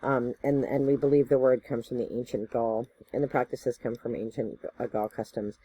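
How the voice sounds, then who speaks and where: A woman explains a topic in a loose, chatty teaching style, leaning on fillers and asking "right?" as she goes. Her voice is warm and mellow. The sound is close and dry, with no room around it. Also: very deep voice, steady tone, normal speed, husky, no room sound. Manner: conversational, loose, full of fillers and tag questions; self-correcting, thinks aloud. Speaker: spiritual teacher. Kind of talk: casual educational talk to camera.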